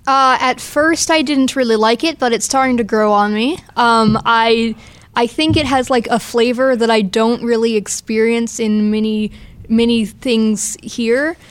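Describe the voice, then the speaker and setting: A woman's voice: on the high side, fairly even intonation, unhurried, no room sound. A young woman as a radio guest, talking hesitantly with lots of ums and likes. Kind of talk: casual on-air chat.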